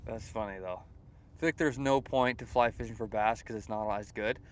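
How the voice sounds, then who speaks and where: A man's voice: on the low side, fairly quick. A young Canadian man with a Canadian accent, live-streaming a fishing trip outdoors, chatting casually and answering viewers' messages with lots of fillers. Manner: reads chat messages aloud and answers them, relaxed and chatty with frequent fillers. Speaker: fishing livestreamer. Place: outdoors by the water at sunrise.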